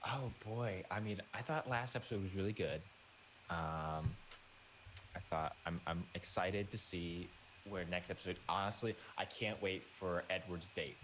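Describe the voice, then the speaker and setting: A man joining a podcast as a guest, talking casually and haltingly, restarting his words. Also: deep voice, a bit bright, a little hiss or hum. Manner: hesitant, halting, repeats words. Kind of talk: casual chat.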